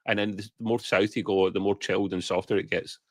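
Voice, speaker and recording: A man's voice: low-pitched, steady tone, brisk, dry recording, studio quality. A man from Scotland with a Scottish accent, co-hosting a casual podcast and chatting away, hedging his answers and laughing them off. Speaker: podcast co-host. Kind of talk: casual chat.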